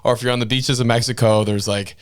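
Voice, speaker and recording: A man's voice: medium pitch, fairly even intonation, fast, clean tone, no room sound, studio quality. A Canadian man co-hosting a podcast in casual political chat, incredulous, laughing, full of "like". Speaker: podcast co-host.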